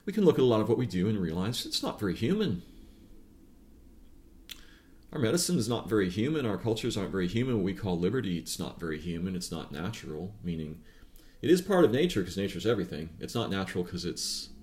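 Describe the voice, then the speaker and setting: Low-voiced man musing in a rambling monologue. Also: sing-song, quick pace, a little mellow. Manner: musing, digressive, frequent fillers and tag questions. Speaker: philosophical speaker. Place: outdoors or near a neighbor's noisy machine.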